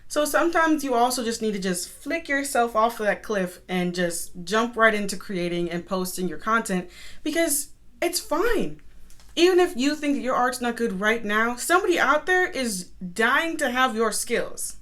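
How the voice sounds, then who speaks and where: A young woman and artist talking to camera in a casual, upbeat motivational vlog, chatty and quick to laugh. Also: on the high side, lively intonation, a bit bright. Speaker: artist and content creator.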